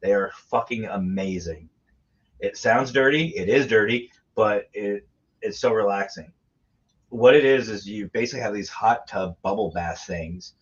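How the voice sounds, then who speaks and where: A man's voice: fairly low pitch, moderate pace, breathy edge. A man telling crude, laughing travel stories in a casual podcast chat. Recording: dull lo-fi sound.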